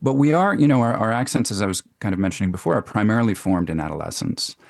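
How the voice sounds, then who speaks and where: A man's voice: on the low side, animated, fast, vocal fry, darkish tone, no room sound, clean studio sound. A male actor and dialect coach talking animatedly on a radio show, repeating words as he thinks. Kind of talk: expert radio interview.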